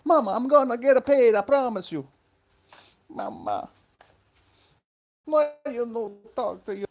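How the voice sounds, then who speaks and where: A man putting on a clumsy Eastern European accent, playing a loud, melodramatic man pleading with his mother, talking close into a phone. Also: extremely high pitch, very animated, unhurried, pitched above the performer's own voice, full character voice. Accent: Eastern European (put on). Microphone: phone held close.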